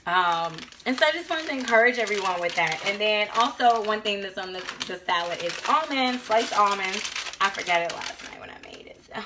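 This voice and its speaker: A woman's voice: medium pitch, animated, a little fast, noisy background. A woman in her thirties hosting a casual home cooking show. She chats loosely with many fillers and acts out little bits of dialogue while she talks about faith. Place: home kitchen.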